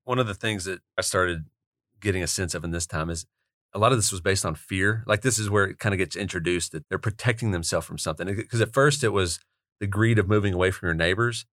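A man co-hosting a book discussion chats in a relaxed, conversational way. His voice sits a bit low, and the recording is dry and close. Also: quick pace, no room sound. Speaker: podcast co-host.

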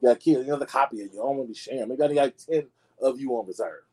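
A man hosting a casual gossip show with a mellow, warm tone. He talks in a sassy, dramatic way, calls his listeners y'all and leaps into high squeals when he wants to stress something. His everyday speaking pitch sits in the middle. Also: rapid-fire, low-quality recording. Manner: swoops into high squeals for emphasis. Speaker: podcast host.

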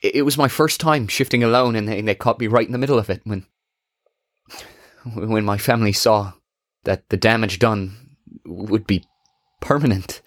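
A man reads a scarred young dragon-shifter, soft-spoken and ashamed. His voice sits low and hesitates over its words. The recording is dry and close. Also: dry recording, natural voice. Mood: apologetic. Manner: soft, apologetic, halting. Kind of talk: audiobook character voice.

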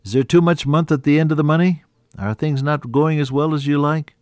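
A man preaching an earnest sermon, quoting scripture in old-fashioned wording and rising, then dropping to a hushed voice. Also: fairly high pitch, a little fast, no room sound. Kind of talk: radio sermon.

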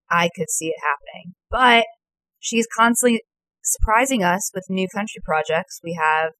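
A woman's voice: fairly low pitch, fairly bright tone, no room sound, poor audio. A woman co-hosting a fan podcast in casual, upbeat chat full of "like" and "I don't know.". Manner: chatty, upbeat, heavy use of "like". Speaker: podcast co-host.

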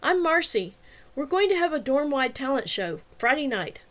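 A woman's voice: high-pitched, very animated, normal speed, fairly bright tone, pitched above the performer's own voice. A woman voicing a bubbly, chatty young college woman who organizes dorm events, talking in an eager, gushing way.

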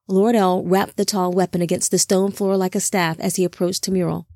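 A woman narrating an audiobook in an even, measured reading. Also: on the low side, no echo, studio quality.

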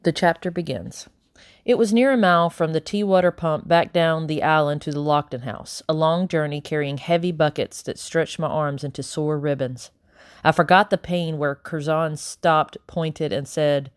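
Low-voiced woman reading a novel. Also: dry recording, studio quality. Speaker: audiobook narrator. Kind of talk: first-person novel narration.

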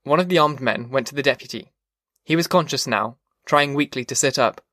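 A male narrator reads the novel in a measured, even way. His voice is bright and forward, and the close studio sound is completely dry. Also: mid-range voice, dry recording. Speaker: audiobook narrator. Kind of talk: scripted audiobook narration.

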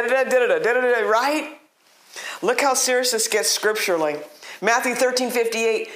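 A woman's voice: mid-range voice, fairly bright tone. A middle-aged woman giving an earnest, emphatic devotional teaching, acting out inner prayers as she speaks. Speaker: Christian teacher. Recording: echoey room.

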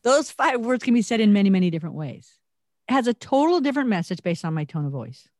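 A woman co-hosting a podcast, talking earnestly and reflectively with animated emphasis. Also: mid-range voice, fast talker, no echo, studio quality. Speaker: podcast co-host. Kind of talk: conversational podcast talk.

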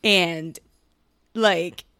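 A woman's voice: fairly low pitch, extremely slow, clear, resonant tone, dry recording, studio quality. A woman in casual chat, recapping a show with lots of swearing and acted-out quotes. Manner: animated, profane, acts out characters' lines. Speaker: podcast co-host recapping a show.

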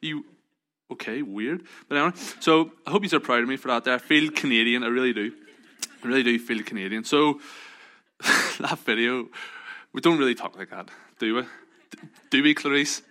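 A man's voice: mid-range voice, brisk, pauses often, bright, forceful tone. A man with a Northern Irish accent telling chatty, joking anecdotes to a group in a casual, self-deprecating way. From Northern Ireland. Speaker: speaker addressing a group.

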